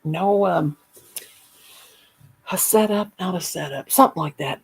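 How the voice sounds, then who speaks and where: A middle-aged woman with a gravelly, husky, low-set voice spins a tale in easy conversation. She talks in an animated way and laughs through her own story. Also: measured pace, low-quality recording. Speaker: caller. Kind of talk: casual storytelling.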